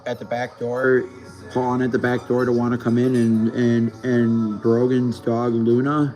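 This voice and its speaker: Guy rambling into his camera, keeps restarting sentences, cusses a lot, some quiet music in the background. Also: medium pitch, completely flat delivery, low-quality recording. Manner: rambling, halting, stumbles and repeats words, swears. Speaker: vlogger. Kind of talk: casual vlog talk. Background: faint music.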